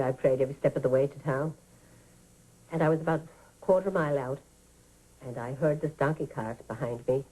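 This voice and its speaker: A woman's voice: very deep voice, warm tone, breathy edge, poor audio. A woman playing an elderly woman who tells a childhood tale to children in a radio drama, talking fondly and vividly, sighing as she goes. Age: older. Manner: fond, vivid storytelling with sighs. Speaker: storyteller.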